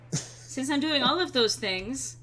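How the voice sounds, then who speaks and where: A woman streamer chatting casually over gameplay, reading chat aloud, frank and quick to swear. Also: high voice, lively intonation, bright, forceful tone, soft background music.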